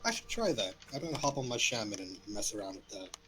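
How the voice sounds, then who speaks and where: A man chatting casually with a friend during a game, relaxed and quick to laugh along. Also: fairly low pitch, background noise. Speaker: fellow player. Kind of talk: casual gameplay chat.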